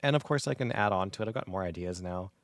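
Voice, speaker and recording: A man in his thirties co-hosting a podcast, telling an animated story in casual chat, speaking right up against a close microphone. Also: low voice, quick pace, no echo. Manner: animated storyteller, acts out quoted gamers. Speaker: podcast co-host. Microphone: close dynamic podcast mic.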